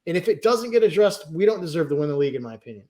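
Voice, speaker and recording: Ranting podcast co-host, a man with a slightly high voice, worked up and cursing. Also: very animated, racing, dark tone. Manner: frustrated, ranting, swears. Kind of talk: heated casual podcast chat.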